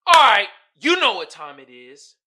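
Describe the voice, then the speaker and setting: A man hosting his own podcast in casual solo chat, slangy and animated, laughing often. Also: high voice, normal speed. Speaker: podcast host.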